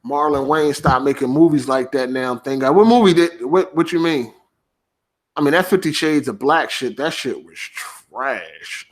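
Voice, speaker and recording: A man's voice: medium pitch, measured pace. A podcast host, swearing heavily as he talks casually and snaps back at his livestream chat. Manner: profane, animated, reacting to chat.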